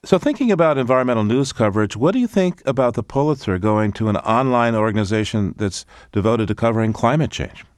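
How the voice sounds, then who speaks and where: A man's voice: mid-range voice, animated, quick pace, hardly any pauses, dry recording, studio quality. A man hosting a radio interview, asking questions in a conversational way. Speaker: radio show host.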